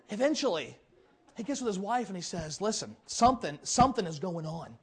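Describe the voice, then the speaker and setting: Male preacher, high, quick delivery, acts out the quotes. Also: slightly rough. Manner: animated, acts out quoted voices. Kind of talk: sermon storytelling.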